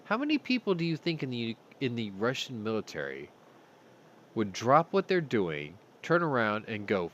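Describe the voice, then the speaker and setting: A man's voice: medium pitch, very animated, moderate pace, a bit bright, slight background noise. Profane, heated male news commentator. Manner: blunt and profane, speaks with anger. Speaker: host.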